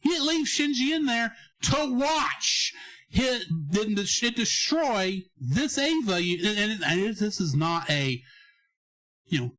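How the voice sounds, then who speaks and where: Animated high-voiced man. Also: takes it slowly. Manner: animated, acts out scenes with big pitch jumps. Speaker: podcast co-host. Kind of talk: casual review chat.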